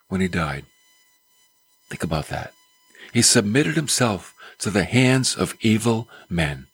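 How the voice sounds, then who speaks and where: A man's voice: fairly low pitch, sing-song, slow pace, slightly rough, no echo. A male preacher giving a conversational sermon, full of rhetorical questions.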